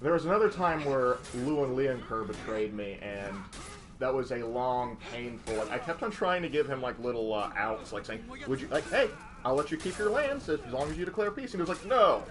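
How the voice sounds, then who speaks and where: A man co-hosting a gaming stream, reading chat messages in a relaxed, rambling way. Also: medium pitch, a little fast. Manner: relaxed, rambling, many fillers.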